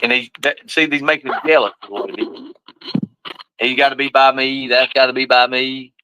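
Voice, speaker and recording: A man chatting casually on a live stream, talking to his pets and viewers in rough, colloquial speech and swearing freely. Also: mid-range voice, fairly even intonation, normal speed, sharp tone, no room sound, highs cut off.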